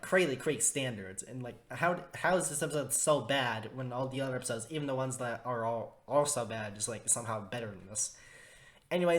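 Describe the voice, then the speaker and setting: A young man reviewing a cartoon episode in a casual, rambling way, full of fillers and restarts, with exaggerated disgust. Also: medium pitch. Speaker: video reviewer.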